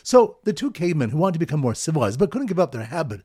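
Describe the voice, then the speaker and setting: A husky-voiced man teaching a Talmud page, his slightly raised voice swinging widely up and down. He tells memory-aid stories with sing-song emphasis, recorded close and dry with no room sound. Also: fairly high pitch, rapid-fire, no echo. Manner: lively storytelling with sing-song emphasis on repeated phrases. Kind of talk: mnemonic Talmud study lesson.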